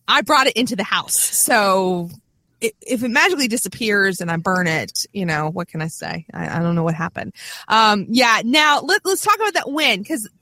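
A woman in her thirties hosting a casual sports chat, telling stories with animated, laughing energy. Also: mid-range voice, normal speed, no echo. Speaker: podcast host.

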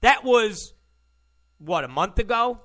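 A man's voice: high-pitched, big pitch swings, slow pace, pushed and bright. A man hosting ranting political commentary, sarcastic and mocking, who mimics opponents in exaggerated voices.

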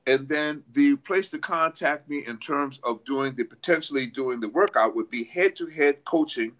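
A man's voice: a little high, moderate pace, fairly bright tone. A man with a New York accent, a fitness coach talking as a guest in an interview, earnest and explaining things step by step with frequent restarts. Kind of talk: casual interview talk.

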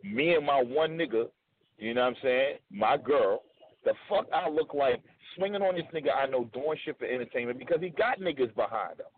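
A man's voice: medium pitch, animated, fairly quick, slight background noise. A man guesting on a radio show, telling his side in a blunt, emphatic way and repeating points for stress. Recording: phone-like narrow sound.

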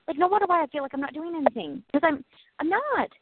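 A high-pitched woman co-hosts a casual faith talk, speaking earnestly and warmly encouraging her listeners. Her voice comes through a thin, phone-like channel with a dry, close sound. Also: animated, fast, no room sound. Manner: earnest, encouraging, laughs often. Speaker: podcast co-host.

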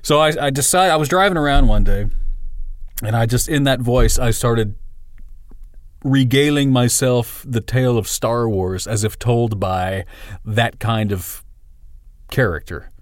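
A man's voice: mid-range voice, normal speed, dry recording, clean studio sound. A man hosting a solo podcast in a rambling, profane, self-deprecating monologue. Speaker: podcast host.

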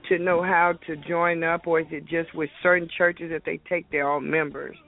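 A woman's voice: low-pitched, level tone, moderate pace, soft background music. A woman calling in to a show, rambling hesitantly and repeating her words. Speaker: caller. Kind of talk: casual call-in question. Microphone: phone. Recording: tinny phone line.

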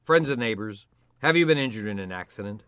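A man's voice: on the low side, lively intonation, a little fast, fairly bright tone, clean tone, no room sound, clean studio sound. An older man, a doctor co-hosting a podcast, talking in a hammy, theatrical, joking way. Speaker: podcast co-host, medical doctor. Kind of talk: playful podcast banter and promo pitch.

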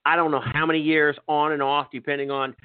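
A man's voice: a little high, level tone, fast talker, smooth, no room sound. Older man ranting over a tinny line. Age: 60s. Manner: profane, exasperated ranting. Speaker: podcast host. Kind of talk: angry sports rant. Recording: tinny phone-line sound.

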